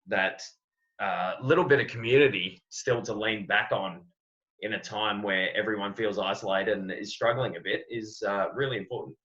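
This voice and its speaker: An Australian wrestling coach with a lowish, slightly bright voice talks at normal speed. As a guest in a podcast interview, he's earnest and reflective, often repeating words while he thinks, captured on dull lo-fi audio.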